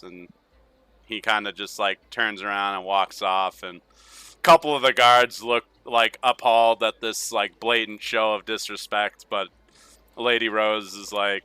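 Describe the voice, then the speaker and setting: A man's voice: fairly low pitch, flat delivery, unhurried, sharp tone, clean tone, no room sound. A man narrating a tabletop game as game master, casual and laughing often.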